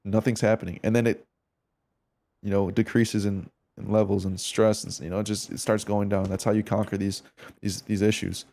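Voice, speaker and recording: His voice sits low and mellow with a creaky edge, barely shifting in pitch, at a normal speed. While streaming, he goes over a match replay with his viewers, slangy and cursing as he reasons through it.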